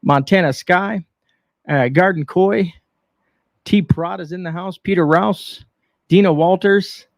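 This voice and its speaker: A man from Canada hosts a live stream, greeting viewers one by one in a friendly, casual way. His voice sits a little high and has a gravelly edge, recorded close and dry. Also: takes it slowly, pauses often, no room sound. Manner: friendly, reads out viewer names. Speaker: host.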